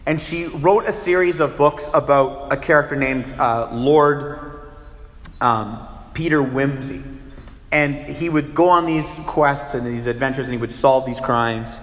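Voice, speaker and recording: Pastor preaching in an echoey hall. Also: male voice, mid-range voice, measured pace. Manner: animated, acts out little scenes with shifting voices. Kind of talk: sermon.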